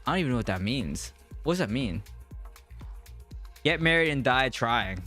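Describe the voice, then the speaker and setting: A man's voice: medium pitch, animated, normal speed, bright, forceful tone, faint music behind. A man in his thirties with a Mid-Atlantic American accent, casually rambling on a live game stream and answering viewer chat. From US Mid-Atlantic region.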